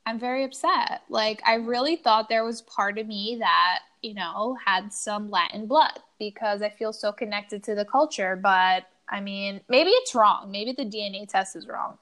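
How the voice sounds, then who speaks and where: A woman co-hosting a podcast, telling stories in a chatty, animated way with lots of "like" fillers. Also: mid-range voice, normal speed, hardly any pauses. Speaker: podcast co-host. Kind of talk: casual chat.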